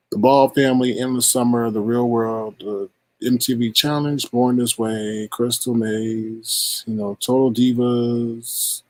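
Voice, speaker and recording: A man's voice: lowish voice, husky. A man hosting a casual livestream, talking loosely to his chat, repeating himself and greeting viewers. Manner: loose, repetitive, talks straight to chat. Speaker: livestream host.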